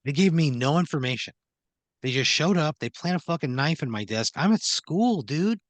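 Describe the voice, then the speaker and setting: A man's voice: a little high, lively intonation, moderate pace, no echo. Indignant, swearing man in comic chat. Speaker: podcast co-host. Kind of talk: casual comedic chat.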